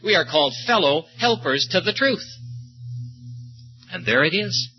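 A man preaching a sermon, speaking slowly and emphatically and stopping to tell short stories. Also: sits high, animated, soft background music. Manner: slow, emphatic preaching with storytelling asides. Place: meeting or conference hall. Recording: muffled, lo-fi recording with faint hum.

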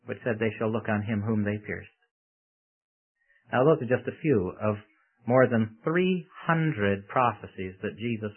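A male preacher with a husky voice tells his sermon like a story, throwing rhetorical questions at his listeners. He comes through a tinny, phone-thin radio broadcast. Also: mid-range voice.

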